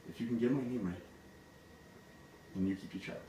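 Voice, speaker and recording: A man voicing a sly male goblin who bargains calmly and smugly, in a casual told fairy tale. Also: fairly low pitch, normal speed, lightly acted. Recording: roomy, distant mic, background noise.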